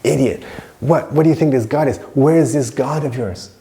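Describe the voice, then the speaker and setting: A man voicing a furious tyrant king who rages and shouts threats at his son. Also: medium pitch, normal speed, voice pushed up, natural voice. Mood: raging.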